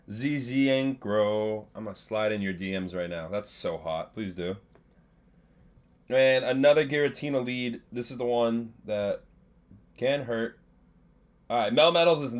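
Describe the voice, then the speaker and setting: Excitable young man streaming a game. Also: mid-range voice, normal speed. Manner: excitable, swings from mumbling to yelling, banters with chat. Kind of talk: live gaming stream commentary.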